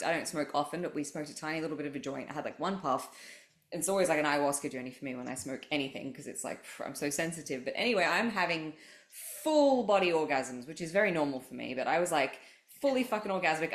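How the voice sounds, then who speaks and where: A woman hosts a casual spiritual podcast, speaking low and frank. She swears freely and tells stories with animation. Her voice carries a roomy echo. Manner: candid, profane, animated storytelling. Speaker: podcast host.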